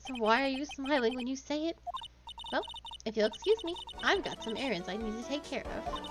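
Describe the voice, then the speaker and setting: A woman putting on a doting wife who drips sugary charm and fancies French endearments. The voice sits high, and game music plays underneath. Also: animated, brisk. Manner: affected, sugary.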